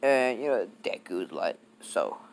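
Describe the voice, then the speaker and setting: A man's voice: mid-range voice, moderate pace, gravelly. A young man casually improvising a fan-fiction story, rambling and swearing, with lots of fillers. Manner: rambling, profane, heavy on fillers. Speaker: YouTube storyteller.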